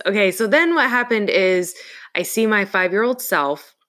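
A woman in casual conversation, telling a personal story in an earnest, reflective way with halting pauses. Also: medium pitch, animated, fairly bright tone.

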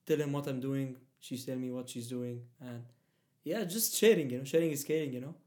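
A young man with a Middle Eastern accent speaks in a relaxed, conversational way. He often pauses on fillers and restarts his sentences. English is not his first language. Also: medium pitch. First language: Arabic. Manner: hesitant, many fillers and restarts. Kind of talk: casual conversation.

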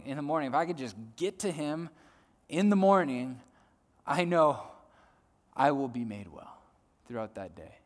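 A male preacher giving a sermon, swinging between loud emphasis and soft hushed lines, often repeating words as he builds a point. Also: mid-range voice. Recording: long hall reverb.

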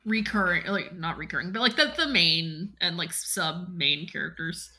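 A woman's voice: fairly low pitch, pushed and bright. A woman co-hosting a podcast, chatting casually and giggling as she recaps a musical. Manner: giggly, quick, acts out bits of scenes in chatty voices. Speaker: podcast co-host.

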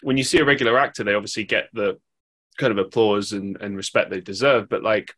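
A man's voice: fairly low pitch, steady tone, quick pace, a bit bright. A man with an English accent hosting a podcast, chatting casually and rambling with lots of fillers and restarts. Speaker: podcast host. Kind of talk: casual interview chat.

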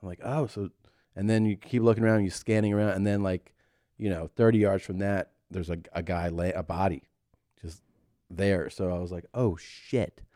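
A low-pitched man in his forties tells a story on a podcast, jumping into high put-on voices for the people in it. The sound is dry and close, with no room around him. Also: brisk, dry recording. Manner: animated, acts out voices in stories. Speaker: podcast co-host. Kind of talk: casual comedic storytelling.

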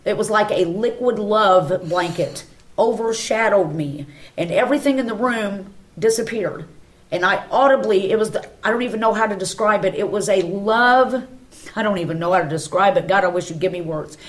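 A woman's voice: medium pitch, moderate pace. A woman, a guest at a church round table, telling an emotional personal testimony and acting out the dialogue in her story.

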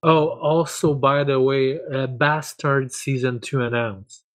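A man's voice: mid-range voice, fairly even intonation, takes it slowly, a bit bright, rough recording. Stammering man in casual podcast chat. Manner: stammering, repeats words, ends with tag questions. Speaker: podcast co-host.

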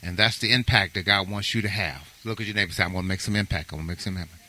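A man's voice: sits low, very fast, pushed and bright. A male pastor following a sermon, rousing the congregation into call-and-response.

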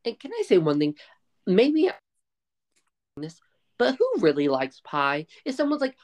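A woman's voice: a little high, sing-song, unhurried, long pauses, a little mellow. A woman co-hosting a casual movie review podcast, adding chatty, opinionated asides. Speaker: podcast co-host.

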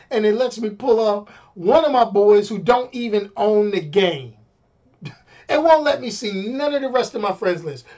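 A middle-aged man ranting on a casual live stream, animated and exasperated, often repeating himself. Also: high voice.

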